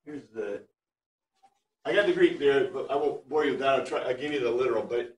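A man teaching a Bible class, chatty and animated, reading Greek phrases word by word for his students. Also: medium pitch, brisk. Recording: echoey room, far from mic.

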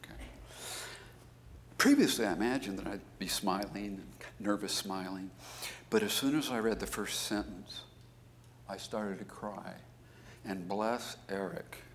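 A man, a business school professor, giving a conference keynote as an animated storyteller who jumps into high, emphatic bursts. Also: measured pace, long pauses, slight background noise.

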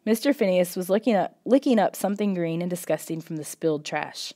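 A woman reading a children's storybook in the first person, steady and expressive. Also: fairly low pitch, fairly quick. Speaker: audiobook reader.

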